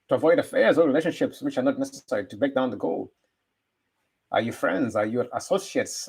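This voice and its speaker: A man's voice: medium pitch, creaky, a little mellow, breathy edge. A man giving a rambling motivational talk, full of rhetorical questions. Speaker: motivational speaker. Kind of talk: motivational monologue.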